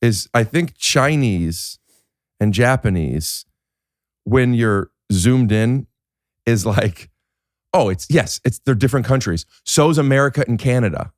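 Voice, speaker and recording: A man's voice: mid-range voice, lively intonation, a little slow, no echo, clean studio sound. A man hosting a podcast, chatting casually, rambling and joking with lots of fillers and restarts. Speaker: podcast host. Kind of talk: casual chat.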